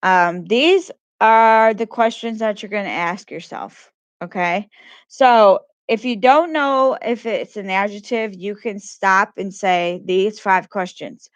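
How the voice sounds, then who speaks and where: A woman's voice: mid-range voice, slow, dry recording. A woman teacher giving a grammar lesson to children, patiently repeating questions and praising answers.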